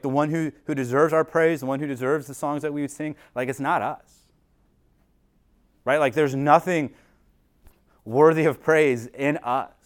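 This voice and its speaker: A man gives a sermon in a relaxed, conversational way. His voice sits at an average pitch, and he keeps asking rhetorical questions and doubling words as he goes. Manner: repeats words as he restarts sentences. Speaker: pastor.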